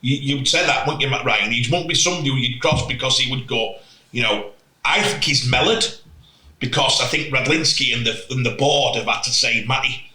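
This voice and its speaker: A man's voice: medium pitch, fairly quick, reverberant, low-quality recording. A man telling stories in casual podcast chat, acting out quotes. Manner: animated storytelling with acted-out quotes.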